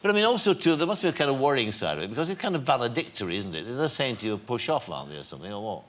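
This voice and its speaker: A man hosting a talk show, asking leading questions and chiming in with quick remarks. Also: mid-range voice, big pitch swings, fairly bright tone. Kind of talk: interviewing.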